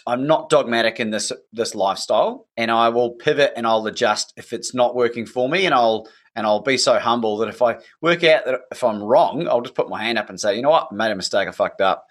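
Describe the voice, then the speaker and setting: A man's voice: medium pitch, a little fast, hardly any pauses. A man hosting a casual conversation, speaking emphatically and with enthusiasm, swearing freely.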